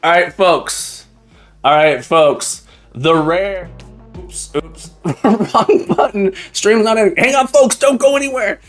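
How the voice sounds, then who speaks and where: A man hosting a casual live stream, upbeat and chatty, greeting viewers warmly and repeating his phrases. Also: sits high, slow, soft background music. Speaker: live-stream host and teacher. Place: room at home, indoors.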